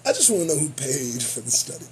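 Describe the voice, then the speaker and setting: A man's voice: mid-range voice, quick pace, slight background noise. A man hosting his own show, giving profane, sarcastic commentary on the news. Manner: animated, swearing, sarcastic. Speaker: show host.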